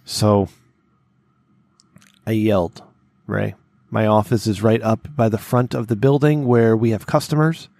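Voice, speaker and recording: A man's voice: fairly low pitch, fairly even intonation, measured pace, vocal fry, pauses often, darkish tone, no echo. Man, podcast co-host, rambling storyteller, restarts a lot, dead-dry mic. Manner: rambling, repeats words, checks in with "okay?" and "right?". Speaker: workplace boss. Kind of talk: casual storytelling chat.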